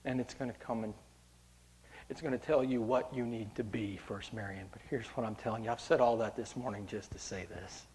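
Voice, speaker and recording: A man preaching a sermon as pastor, addressing the congregation directly and moving between hushed storytelling and loud, impassioned preaching. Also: mid-range voice, steady tone, fairly quick.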